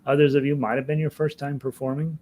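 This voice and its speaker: Reading out viewer comments during his online ukulele lesson, a middle-aged man talks quickly and chattily, stumbling through fillers and restarts. His mid-range voice is a little mellow and stays fairly flat in pitch.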